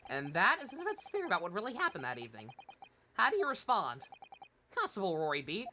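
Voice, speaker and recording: A woman's voice: medium pitch, wildly swooping pitch, fast, pushed and bright, slight background noise. A woman hosting a let's play, reading game dialogue and tossing in sarcastic, playful asides.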